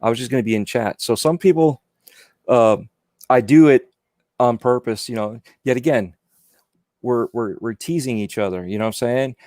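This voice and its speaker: A man's voice: mid-range voice, moderate pace, a little mellow, dry recording, studio quality. Rambling man chatting on a podcast. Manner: rambling, repeats words, lots of "you know". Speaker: podcast guest. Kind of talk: casual chat.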